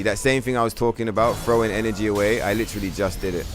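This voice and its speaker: A man's voice: fairly low pitch, fairly even intonation, rapid-fire, over music. Profane, trash-talking male gaming streamer. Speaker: streamer playing a video game. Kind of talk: live gameplay commentary.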